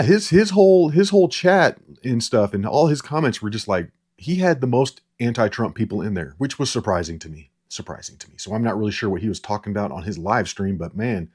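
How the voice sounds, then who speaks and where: A man's voice: fairly low pitch, darkish tone, husky. Guy doing a rambling sarcastic politics rant, keeps repeating himself. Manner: rambling, repeats words, laughs at own jokes; sarcastic, mocking impressions. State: short on sleep. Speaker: political commentator. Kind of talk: casual political commentary.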